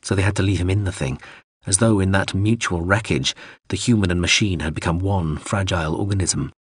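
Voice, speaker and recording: A man reading an audiobook in steady, measured scripted narration. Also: deep voice, husky, no echo, clean studio sound.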